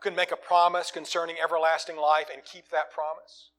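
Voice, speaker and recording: Preacher guy, fairly high voice, gets loud then drops way down soft. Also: little pitch movement, fairly quick. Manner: swings from loud emphatic lines to quiet low asides. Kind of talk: sermon.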